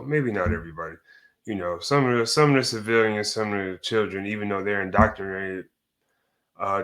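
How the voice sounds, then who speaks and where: A man's voice: on the low side, a bit bright. A man giving a heated, profane reaction rant as a commentator, cursing and restarting his sentences as he goes.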